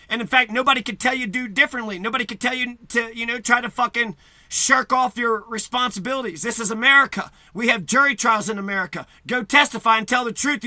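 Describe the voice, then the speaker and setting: A man's voice: very high voice, bright, forceful tone, dry recording. A man delivering a profane, agitated rant to camera, repeating himself and swearing heavily. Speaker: vlogger.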